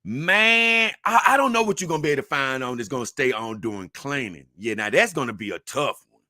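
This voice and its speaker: Bright, dry-voiced man hosting a stream. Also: medium pitch, lively intonation, a little fast, no room sound. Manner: reads lists aloud unhurriedly with asides. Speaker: livestream host. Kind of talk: casual livestream chat.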